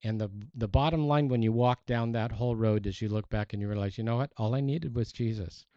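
A man's voice: medium pitch, brisk, dark tone, no echo, muffled recording. A man preaching a sermon in an earnest, emphatic way, reading scripture aloud.

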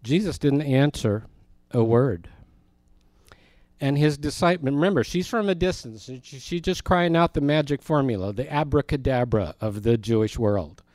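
A man's voice: medium pitch, normal speed, a little mellow, dry recording. A man teaching a Bible study in a conversational way, explaining words and asking his listeners questions.

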